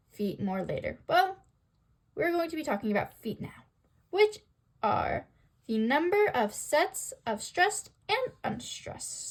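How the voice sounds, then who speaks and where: Young woman doing a school lesson, high bouncy voice, reads it out slow and careful. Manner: slow, sing-song reading with rhetorical questions. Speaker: student presenter.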